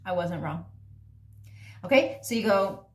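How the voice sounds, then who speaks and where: A woman's voice: medium pitch, animated, measured pace, recorded from a distance. A woman teaching a casual dance class, counting beats aloud and explaining moves in a chatty, giggly way. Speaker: dance instructor. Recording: echoey room, voice from off-mic.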